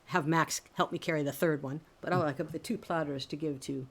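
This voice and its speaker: Woman player with a lowish voice. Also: fairly even intonation, a little fast, husky. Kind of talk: casual table talk.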